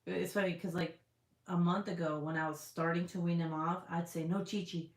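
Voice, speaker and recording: A woman's voice: lowish voice, little pitch movement, fairly quick. A young woman on a casual live stream, chatting loosely with heavy swearing, lots of fillers and frequent laughter while she reads comments. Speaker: vlogger reading live chat. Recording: roomy echo.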